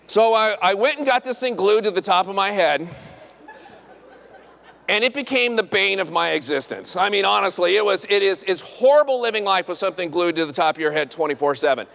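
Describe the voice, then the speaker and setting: A man's voice: a little fast, creaky. A middle-aged man, a dentist, telling a funny self-deprecating story on stage and acting out the quotes. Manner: self-deprecating, animated, acts out quotes in high voice. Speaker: dentist and speaker. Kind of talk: humorous storytelling talk.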